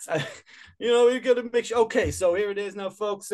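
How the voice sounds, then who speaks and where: A man's voice: high voice, normal speed, darkish tone. A man from Ireland co-hosting a comedy podcast, rambling through jokes and swearing casually. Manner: rambling, jokey, swears often. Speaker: podcast co-host.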